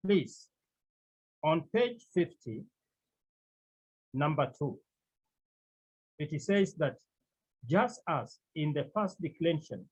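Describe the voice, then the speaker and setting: Male Greek teacher with a slightly high, husky voice and a slow, repetitive classroom delivery. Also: animated. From Cameroon. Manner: slow, deliberate, repeats key words, clears throat often. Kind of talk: classroom lecture. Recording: dull lo-fi recording.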